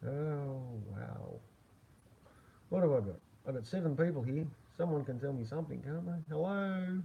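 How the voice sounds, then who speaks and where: A man's voice: medium pitch, quick pace. A man chatting casually on a live stream, rambling and chuckling with lots of fillers. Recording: dull lo-fi with faint noise.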